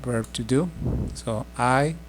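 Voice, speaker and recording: A middle-aged man giving a casual spoken language lesson, explaining slowly with many fillers and restarts. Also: medium pitch, flat delivery, gravelly, a little hiss or hum. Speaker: language teacher.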